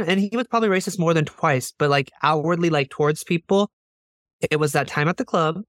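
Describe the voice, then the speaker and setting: Brief: male co-host, slightly high voice, dry close mic, lively storyteller who curses. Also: dry recording. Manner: animated storyteller, swears, acts out quoted lines. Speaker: podcast co-host. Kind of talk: casual chat.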